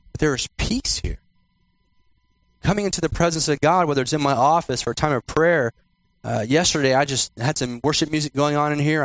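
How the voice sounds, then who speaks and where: A male pastor giving a sermon in church, repeating and slowing down his key phrases for emphasis. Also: fairly high pitch, dry recording. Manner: repetitive, emphatic preaching with slowed key phrases.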